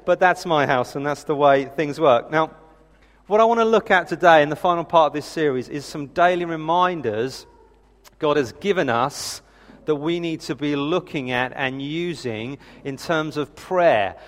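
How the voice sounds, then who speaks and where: A man's voice: fairly high pitch, moderate pace. A man in his thirties preaching a sermon, telling family stories in a chatty, self-deprecating way. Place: church hall. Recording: reverberant hall.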